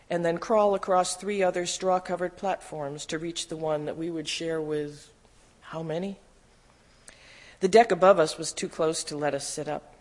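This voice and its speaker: A reader steadily narrating a first-person memoir in a measured storytelling voice. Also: mid-range voice. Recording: long hall reverb.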